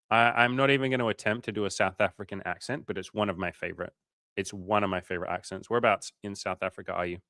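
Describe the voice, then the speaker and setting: A man's voice: on the low side, fairly bright tone, no room sound, clean studio sound. An Australian man hosting a casual coaching livestream, reading viewer comments aloud in a loose, profane, filler-heavy way.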